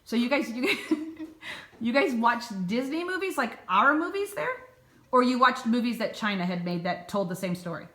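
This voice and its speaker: Middle-aged mom, coaxing, roomy phone audio. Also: female voice, fairly high pitch, sing-song, normal speed. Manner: prompting, gently coaxing, laughs often. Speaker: mother asking questions. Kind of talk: casual home-video Q&A. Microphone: phone camera. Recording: roomy phone recording in a room.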